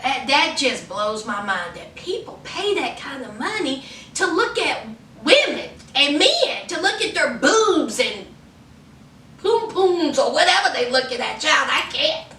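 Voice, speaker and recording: A woman's voice: high voice, very animated, unhurried, bright, forceful tone. A woman from Virginia recapping a reality show in a sassy, laughing, chatty way. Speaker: vlogger. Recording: echoey room, distant mic, faint noise.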